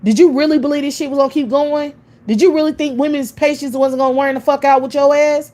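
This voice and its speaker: An American woman with a high, warm voice talks fast and fairly evenly through a profane rant. She sounds scornful, swearing heavily and firing off the same rhetorical questions again and again.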